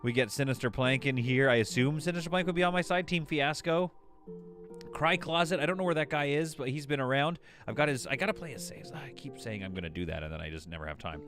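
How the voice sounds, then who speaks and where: A man's voice: medium pitch, expressive, fast, fairly bright tone, soft background music. A man streaming a game live, rambling and joking as he thinks aloud while building. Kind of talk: casual live gameplay commentary.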